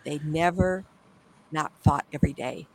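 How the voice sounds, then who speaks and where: A woman's voice: deep voice, fairly even intonation, a little slow, darkish tone, rough recording. A middle-aged woman, a psychic medium, telling stories as an interview guest, rambling and correcting herself as she goes. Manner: rambling, self-correcting, drifting between asides. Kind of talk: storytelling in an interview.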